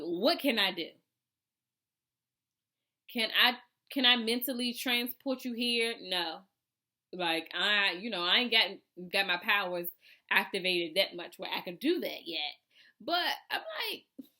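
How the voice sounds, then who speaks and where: Woman vlogger, bright voice, chatty storytime. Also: mid-range voice, slow, pauses often. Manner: chatty, animated, acts out her own reactions. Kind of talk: casual storytime vlog.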